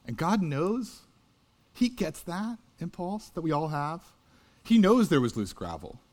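A man's voice: fairly high pitch, a little slow. A man in his thirties, a pastor, telling a story in a sermon in an earnest, conversational way. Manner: earnest, conversational, builds to loud animated peaks.

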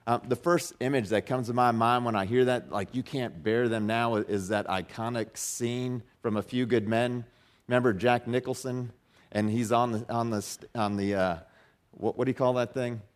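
A man's voice: mid-range voice, steady tone, normal speed. A man preaching a sermon as pastor, talking in a loose conversational way with frequent restarts, lifting his voice when he reads and repeats key lines. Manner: conversational, many restarts and fillers, rising emphasis on quotes.

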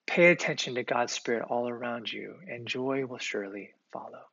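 A man's voice: medium pitch, moderate pace, creaky, fairly bright tone, husky, no echo. A male pastor delivering a sermon in an earnest, conversational way, with occasional fillers. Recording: slightly muffled, dry recording.

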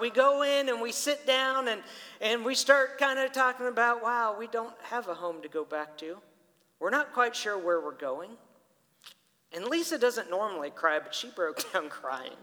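A middle-aged man, a pastor, preaching a sermon in a church hall, telling a family story and talking straight to the congregation. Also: high voice. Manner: storytelling, animated, addresses people directly. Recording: long hall reverb.

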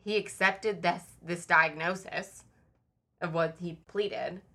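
A woman's voice: fairly low pitch, fairly even intonation, slow, pushed and bright. A woman hosting a casual true-crime podcast, reading dates and reports from her notes with chatty asides. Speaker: podcast host.

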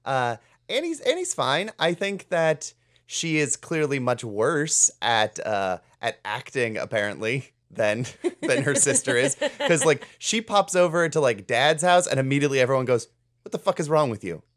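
Lively, wry American woman co-host. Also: rumbling low, moderate pace. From United States. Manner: animated, wry and opinionated, lots of "like". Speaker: podcast co-host. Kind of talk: casual chat.

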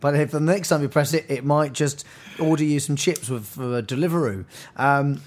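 A man's voice: on the high side, moderate pace, a little hiss or hum. A man co-hosting a podcast, casually and animatedly retelling a cartoon's scenes. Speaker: podcast co-host. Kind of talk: casual chat.

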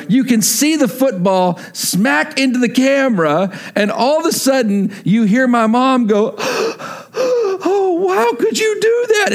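A middle-aged man preaching a sermon as pastor, telling a story and then dropping into earnest, hushed emphasis. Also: high voice.

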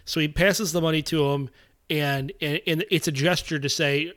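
A man co-hosting a podcast who talks about a film in casual, eager chat with halting restarts. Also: a little high, fairly bright tone. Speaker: podcast co-host.

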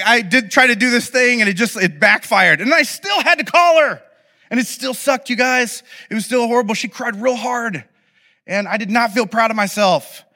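Delivering a sermon full of funny, self-deprecating anecdotes, a man with a high, bright voice addresses an audience in an animated way. The long reverb of a large hall swallows the ends of his words.

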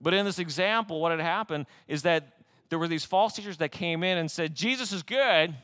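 A male pastor delivering a sermon in a bright, forceful voice that sits a little high for a man. He preaches emphatically, pressing his points with rhetorical questions and lightening them with humor. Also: brisk, smooth.

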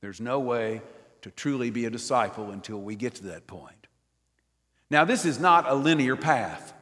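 An older man preaching a sermon in a church, swinging from loud emphatic lines down to near whispers. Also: mid-range voice, animated, moderate pace, long reverb tail. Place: church nave.

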